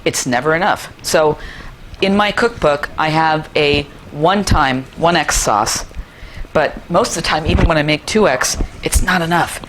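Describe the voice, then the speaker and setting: A middle-aged woman with a slightly low voice walks viewers through a recipe in her kitchen. She is chatty and enthusiastic, tossing in playful asides, with a faint hiss of noise behind her. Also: measured pace, fairly bright tone. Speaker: cooking show host. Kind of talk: cooking demonstration.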